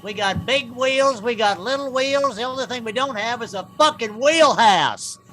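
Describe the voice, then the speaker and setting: A man's voice: very high voice, normal speed, fairly bright tone, faint music behind, pitched above the performer's own voice, rough recording. A man voicing a brash announcer in a cheap small-town late-night commercial. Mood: hyped. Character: loud male late-night local ad announcer.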